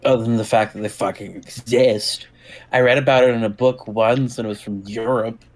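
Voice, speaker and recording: A man's voice: mid-range voice, steady tone, normal speed, rough recording. A man playing a tabletop role-playing game, talking in a blunt, joking way with plenty of swearing. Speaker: player. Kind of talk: casual tabletop game chat.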